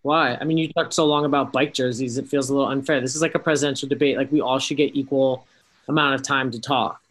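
A man's voice: medium pitch, steady tone, fast talker, fairly bright tone. A man co-hosting a podcast in casual chat over a video call, rambling with fillers and restarts. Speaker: podcast co-host.

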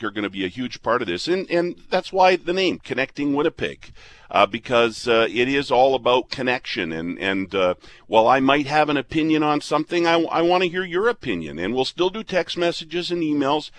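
A radio host from Canada in his fifties, speaking in a plain middle-pitched voice. He talks earnestly and rambles, restarting his sentences often. The sound is that of a studio. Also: animated, normal speed, a bit bright, no room sound. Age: 50s. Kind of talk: casual on-air chat.

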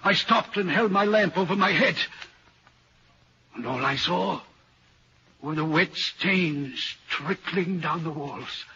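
A man's voice: fairly high pitch, takes it slowly, pauses often, bright, forceful tone, a little hiss or hum, heavily acted. An actor playing a troubled railway signalman in an old radio drama, earnestly recounting a ghostly sighting. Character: haunted, uneasy male railway signalman. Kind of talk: 1940s radio acting. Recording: dull old radio recording.

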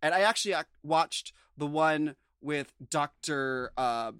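A man's voice: fairly high pitch, measured pace, a bit bright, clear, resonant tone, no echo. A man from the United States chats loosely through a show recap on a podcast. He rambles, restarts and fills his sentences with "like" and "um". The recording is dry and close. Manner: chatty, rambling, full of fillers and restarts. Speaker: podcast co-host. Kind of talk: casual chat recapping a TV show.

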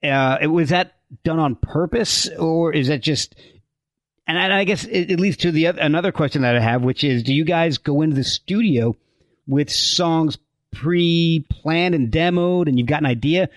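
A man's voice: on the high side, moderate pace, dry recording. A male host in a casual interview who affirms his guest and asks long, winding questions. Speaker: podcast host.

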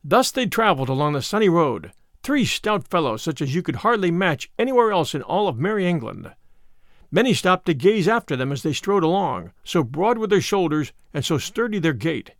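A man reading an old adventure story aloud in an expressive, lilting way. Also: fairly high pitch, normal speed, dry recording, clean studio sound.

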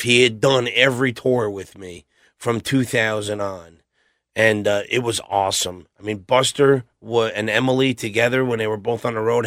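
A middle-aged metal singer, guesting on a podcast, spins blunt, rambling anecdotes and acts out other people's lines in a casual storytelling interview. His voice is fairly low and a bit bright. The recording is clean studio audio with no room sound.

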